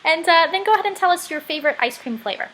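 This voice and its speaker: A woman's voice: very high-pitched, expressive, racing, fairly bright tone. A woman interviewing a guest, asking friendly questions in a casual way and prompting him to tell the viewers more.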